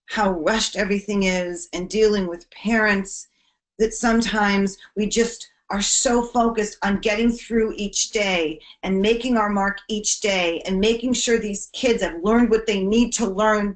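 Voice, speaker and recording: A woman presenting to teachers on bullying prevention, her voice sitting at an ordinary middle pitch. She talks earnestly and from the heart. On the heaviest points her voice falls soft and low. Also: fairly even intonation, measured pace.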